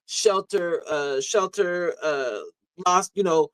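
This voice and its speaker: Halting man, slightly high voice. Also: smooth, no echo, rough recording. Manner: halting, many fillers and restarts. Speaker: guest speaker. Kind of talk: storytelling in a live audio discussion.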